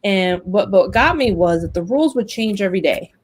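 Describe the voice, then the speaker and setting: A woman's voice: medium pitch, lively intonation, brisk, husky, poor audio. Chatty woman telling a long story. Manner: chatty storytelling, lots of fillers like "like". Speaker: host. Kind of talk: casual chat.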